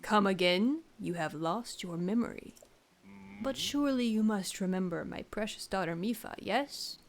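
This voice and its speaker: A woman doing a slow, stately old fish-folk king. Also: mid-range voice, animated, a little hiss or hum, natural voice. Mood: wistful. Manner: slow, measured and formal.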